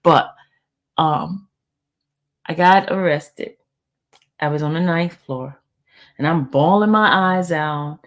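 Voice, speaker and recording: A woman in her fifties hosting a live stream, telling a story in a casual, animated way and talking straight to her viewers. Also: low voice, slow, long pauses. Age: 50s. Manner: animated, laughing, addresses viewers as y'all. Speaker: channel host.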